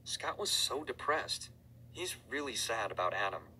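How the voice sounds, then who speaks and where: A man reading aloud and voicing a cautious, anxious young teenage boy in a raised, boyish pitch. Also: sing-song, a little slow, bright, forceful tone, a little hiss or hum, exaggerated voice, poor audio. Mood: worried.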